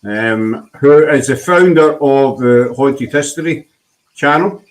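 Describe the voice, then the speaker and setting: A Scottish man hosting a relaxed chat show at an ordinary mid pitch. He talks in a chatty, self-deprecating way, with plenty of ums and restarts. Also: slow, rough recording. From Scotland. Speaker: host. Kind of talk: casual chat.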